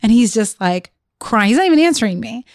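A woman co-hosting a podcast, chatting casually and telling animated stories about her kids. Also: on the high side, a little fast, no echo, clean studio sound. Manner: animated storytelling with quoted voices. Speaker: podcast co-host. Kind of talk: casual chat.

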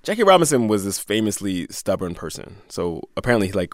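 A man's voice: lowish voice, sing-song, fairly quick, dry recording, clean studio sound. A man co-hosting a podcast, telling a history story in a casual, jokey way and laughing often. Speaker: podcast co-host.

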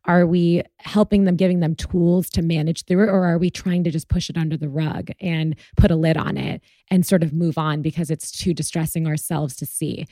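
A woman's voice: deep voice, fairly even intonation, moderate pace, hardly any pauses, dark tone, no echo, clean studio sound. A woman hosting a podcast interview, telling a personal story earnestly with plenty of fillers. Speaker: podcast host. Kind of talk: conversational interview.

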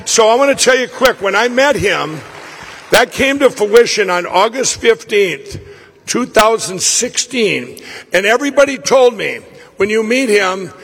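A man with a husky, high voice tells a personal story at a live summit. He talks excitably and rambles, stumbling and restarting. The sound carries a long reverb from a large hall. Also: unhurried. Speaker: event speaker. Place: summit venue, stage.

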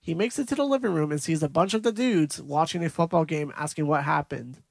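A young man chatting on a movie review podcast, retelling scenes step by step. His voice sits a bit high with a gravelly edge, and the recording is dry and close. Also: brisk, no echo. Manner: recaps scenes in detail, laughs easily. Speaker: podcast co-host. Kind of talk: casual movie review chat.

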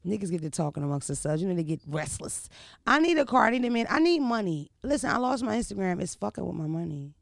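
A woman, hosting a podcast and telling stories in a brash, profane, animated way. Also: medium pitch, quick pace, vocal fry, dry recording, studio quality. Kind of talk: casual storytelling chat.

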